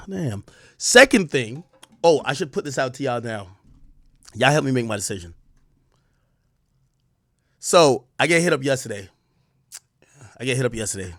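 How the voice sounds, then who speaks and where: A man hosting a live stream, telling a story in animated casual talk with swearing and laughter. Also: medium pitch, dry recording, studio quality.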